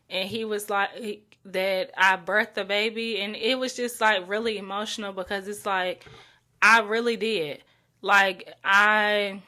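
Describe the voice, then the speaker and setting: Bright and forceful in tone, her medium-pitched voice carries a solo podcast monologue as this young adult woman from North Carolina hosts her own show. She chats openly and from the heart, with plenty of likes and ums.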